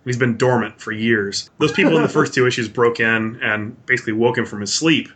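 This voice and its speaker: Fast, bright-voiced man hosting a podcast. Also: mid-range voice, steady tone, breathy edge. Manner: enthusiastic, rambling recap with fillers. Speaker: podcast co-host. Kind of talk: casual podcast chat about comics.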